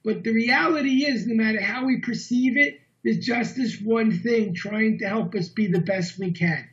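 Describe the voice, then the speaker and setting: A man giving a talk as guest speaker, telling a story in an earnest, animated way over dull lo-fi online meeting audio. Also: high voice, normal speed.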